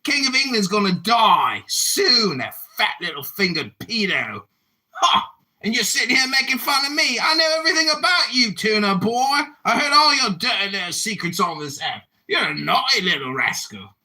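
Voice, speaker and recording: A man in his forties hosting a livestream, shouting and mocking someone in a heated argument. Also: high-pitched, big pitch swings, moderate pace. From United States. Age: 40s. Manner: mocking, shouting insults, mock British slang. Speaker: livestream host.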